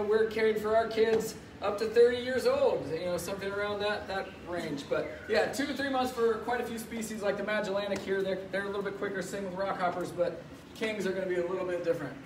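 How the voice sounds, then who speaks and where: In an indoor zoo birdhouse with penguins, a male zookeeper presenter with a fairly high voice runs a casual educational live stream, upbeat and chatty through a face mask. The recording is roomy and echoey, from a distant mic, with faint noise.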